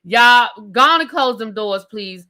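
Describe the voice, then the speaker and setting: A sassy woman hosts a live rant, talking straight to her chat and repeating questions for emphasis. Her voice sits a little high and comes through bright and forceful. She keeps an animated, loose, conversational flow. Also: unhurried. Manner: sassy, talks straight to chat with "y'all" and "baby". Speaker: host of a live review stream.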